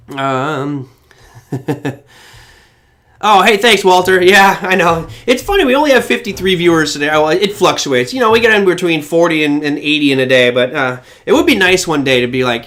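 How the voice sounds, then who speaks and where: A man hosting a live-stream market show, chatting casually with viewers and telling animated stories. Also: a little high. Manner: animated storyteller who breaks into impressions. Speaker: trading show host.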